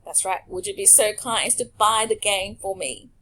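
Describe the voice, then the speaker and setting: Teaching a language over slides, a woman speaks with a medium pitch and a sharp tone. She is clear and patient, pausing to let learners repeat what she says.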